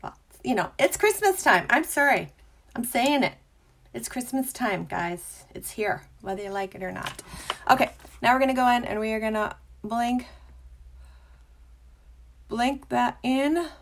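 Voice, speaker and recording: A young adult woman hosting a casual makeup tutorial, bubbly and chatty, sometimes dropping into a soft whisper. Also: fairly high pitch, a little slow, vocal fry, long pauses.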